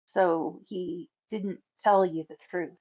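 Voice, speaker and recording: A woman's voice: on the low side, fairly even intonation, slow, a little mellow. A woman playing a character in a tabletop role-playing game. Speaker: player. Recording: dull lo-fi mic.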